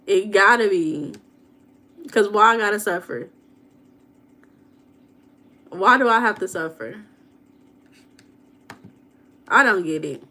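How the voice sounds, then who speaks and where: A woman chats on her livestream. She greets viewers by name and answers their comments. Her storytelling is loose and dramatic, and her voice sits at a middle pitch. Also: lively intonation, takes it slowly, pauses often, sharp tone. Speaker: livestream host. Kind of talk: casual livestream chat.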